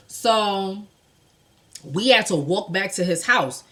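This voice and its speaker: A woman's voice: mid-range voice, animated, slow pace, bright, forceful tone. A woman from New York with a New York accent, telling a storytime tale in a blunt, profane way, talking straight to the viewers. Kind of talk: casual storytime vlog.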